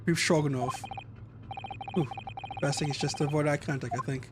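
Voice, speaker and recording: A man's voice: fairly high pitch, fairly even intonation, normal speed, background noise. A man streaming a game, reading its dialogue aloud and cracking jokes between lines. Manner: playful, joking, reads lines in varied voices.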